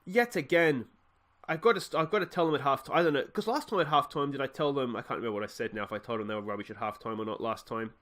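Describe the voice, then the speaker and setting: A man's voice: mid-range voice, fast talker, fairly bright tone. A young Australian man commenting on his football management game, rambling with fillers and growing exasperated at his team. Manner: mock tirade at his players. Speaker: gaming channel host. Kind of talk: let's play commentary.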